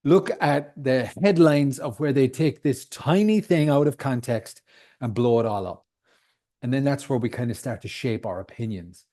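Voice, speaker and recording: On his solo podcast, a thirty-something man from abroad, not the U.S., rants heatedly and swears a lot. He speaks at a moderate pace in a mellow, mid-range voice.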